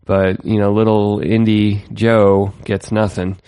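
A man's voice: on the low side, flat delivery, slow pace, warm tone, clear, resonant tone, dry recording, studio quality. A man co-hosting a casual tech podcast, chatty and sarcastic, laughing often. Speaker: podcast co-host.

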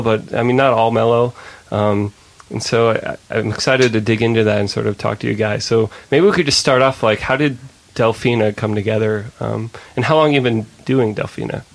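Gravelly-voiced man hosting a podcast. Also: mid-range voice, normal speed, few pauses. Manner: relaxed, filler-heavy, hedging questions. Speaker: podcast host. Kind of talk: casual interview chat.

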